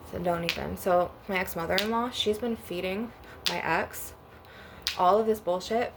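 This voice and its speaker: A woman's voice: on the low side, creaky, background noise. A young woman rambling bluntly and profanely through a casual storytime rant on her spiritual channel. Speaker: spiritual vlogger.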